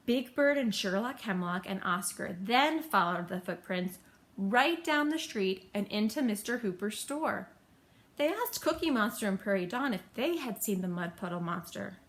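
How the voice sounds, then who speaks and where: A woman reading a children's storybook aloud in a gentle, steady manner. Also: medium pitch, normal speed.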